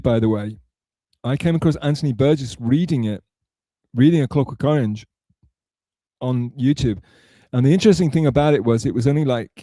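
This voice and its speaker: A livestream host rambles casually while reading messages from his chat aloud and answering them. His voice is medium in pitch and warm, captured in a dry recording.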